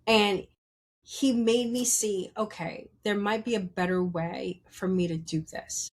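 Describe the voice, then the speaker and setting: A woman guesting on a podcast tells candid stories about herself, blunt, profane and playful, acting out the people she quotes with big jumps in her voice. Otherwise her voice is medium-pitched and steady, and she takes her time.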